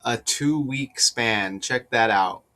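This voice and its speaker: A man giving casual solo commentary on sports number patterns, repeating his points with rhetorical asides and growing more insistent. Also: medium pitch. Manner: slow, deliberate, rising to excited insistence.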